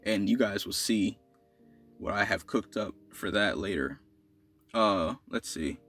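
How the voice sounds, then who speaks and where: Young guy, low voice, loose filler-heavy storyteller, faint lo-fi music behind. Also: measured pace, fairly bright tone. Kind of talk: casual improvised fan story narration.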